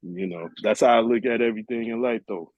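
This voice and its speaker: A man's voice: mid-range voice, fast talker, no echo, dull audio. A man in a casual heart-to-heart talk, telling stories in a laid-back, streetwise way. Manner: laid-back, streetwise storytelling, chuckles often.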